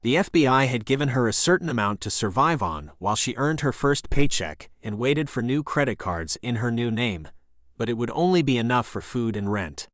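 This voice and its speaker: Male narrator for romance fiction, animated delivery, mid pitch, dry booth. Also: normal speed, no room sound. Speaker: audiobook narrator. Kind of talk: scripted narration.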